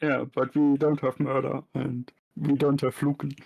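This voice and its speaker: A man's voice: medium pitch, level tone, moderate pace, gravelly, slightly rough, narrow, tinny audio. A man co-hosting a casual stream chat, dry and curious. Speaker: co-host.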